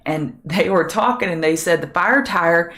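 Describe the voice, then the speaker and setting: A middle-aged woman hosts a live trading show with a low voice that sounds a little scratchy today. She chats with viewers by name and thinks aloud as she looks over charts. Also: moderate pace, a bit bright. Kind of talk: live market prep chat with viewers.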